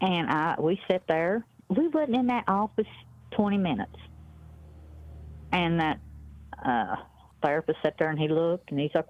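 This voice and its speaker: A woman's voice: on the low side, lively intonation, unhurried, pauses often, no room sound. A woman, calling in and telling a story bluntly in casual chat. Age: 50s. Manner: blunt storytelling, quoting others. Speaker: caller. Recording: muffled dry phone-in audio.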